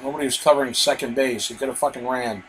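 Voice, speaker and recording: A man's voice: mid-range voice, fairly even intonation, fast talker, fairly bright tone, slight background noise, rough recording. A frustrated man swearing at a game. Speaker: gamer playing and commenting. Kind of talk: casual gaming commentary.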